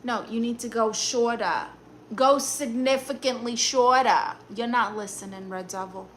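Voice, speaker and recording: A woman's voice: fairly high pitch, a bit bright, a little hiss or hum. A woman playing a sassy Brooklyn aunt. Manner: blunt, sassy, quick comebacks. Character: sassy, blunt aunt giving love advice. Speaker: live-stream host. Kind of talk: in-character live-stream comment reading.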